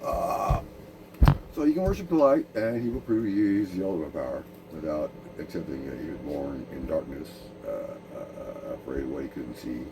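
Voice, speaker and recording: A man's voice: extremely low pitch, expressive, normal speed, distant mic, background noise. A man speaking a profane, meandering monologue, full of restarts, jumping between ideas. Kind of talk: rambling monologue.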